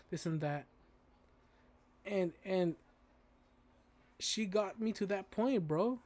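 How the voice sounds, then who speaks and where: A man's voice: high-pitched, unhurried, a little mellow. A man streaming a game, chatting casually and telling stories in slangy speech. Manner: slangy, storytelling, says "bro" and "dude". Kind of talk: casual chat while playing a game.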